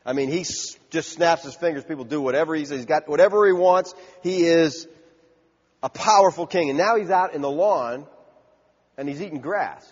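A man's voice: on the high side, normal speed, slightly rough. A man preaching a sermon in an emphatic, conversational way, heard on a dull recording in a large church hall with a long echo.

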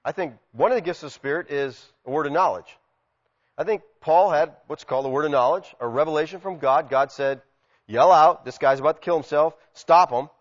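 A man preaching a sermon, animated, acting out quotes and swinging from loud shouts to quiet asides. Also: on the high side, a little fast. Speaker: pastor. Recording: muffled sound with long hall reverb.

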